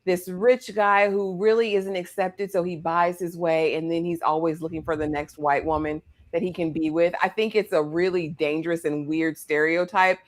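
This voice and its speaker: Opinionated woman with a lowish voice. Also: fairly even intonation, normal speed, hardly any pauses. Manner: earnest, opinionated and reflective. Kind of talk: casual critique of a TV show.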